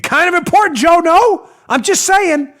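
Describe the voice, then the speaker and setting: A man hosting a political talk show, speaking in a sarcastic, animated, mocking manner from a studio. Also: extremely high pitch, moderate pace. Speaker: host.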